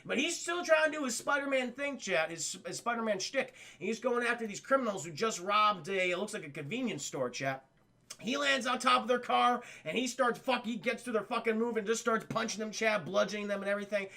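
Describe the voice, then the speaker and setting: A man streamer casually recapping a story to his chat, rambling, profane and excitable. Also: high-pitched, a little fast, creaky.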